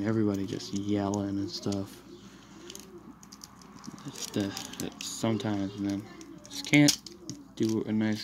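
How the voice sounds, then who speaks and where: A man talks through a toy review in a low, monotone voice, rambling and apologizing between steps. He sounds frustrated throughout. It is a noisy recording made in a room at home. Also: gravelly. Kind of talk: casual toy review walkthrough. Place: room in a house.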